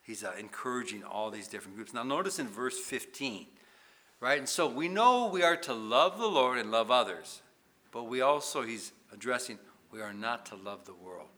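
A man preaching a sermon, asking the congregation many questions and swinging between loud emphasis and hushed passages. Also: medium pitch, animated, normal speed. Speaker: pastor.

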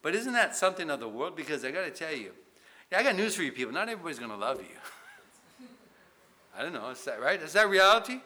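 A man preaching a sermon, asking the congregation many questions and swinging between loud emphasis and hushed passages. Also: fairly high pitch, very animated, fast talker, pauses often, slight background noise. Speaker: pastor.

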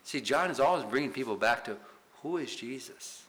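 A man's voice: medium pitch, animated, normal speed, fairly bright tone, rough recording. A man teaching a Bible study in sermon style, emphatic, asking rhetorical questions and tagging points with "right?".

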